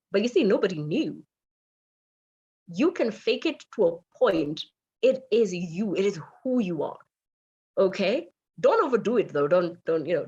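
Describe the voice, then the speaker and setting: Brief: middle-aged Kenyan woman, Kenyan accent, lower breathy voice, lively motivational speaker. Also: lo-fi sound. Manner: lively, mixes in Swahili phrases. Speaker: radio manager and speaker. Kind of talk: motivational talk.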